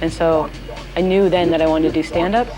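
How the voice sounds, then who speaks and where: A woman's voice: low voice, fairly even intonation, brisk, over music, low-quality recording. A woman in her thirties from Nova Scotia, chatting casually and self-deprecatingly about her comedy habits. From Canada, Nova Scotia. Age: 30s. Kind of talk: casual interview.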